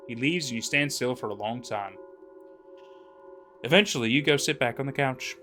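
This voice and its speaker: A man reading a story game aloud and commenting casually, animated and often stumbling over his words. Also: medium pitch, moderate pace, faint music behind. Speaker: let's play narrator.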